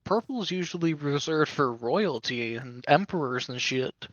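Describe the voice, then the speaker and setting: A man's voice: on the high side, lively intonation, measured pace, no echo. A man joining a game stream as a friend, bantering in a joking, offhand way. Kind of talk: casual banter. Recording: dry, muffled call audio with faint music.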